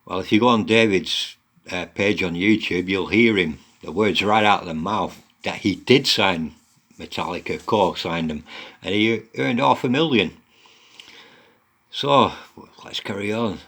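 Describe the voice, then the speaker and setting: Deep-voiced sweary, mocking man. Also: measured pace, a bit bright. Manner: blunt, mocking, heavy swearing. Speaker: commentator reading and mocking online posts. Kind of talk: casual sweary commentary.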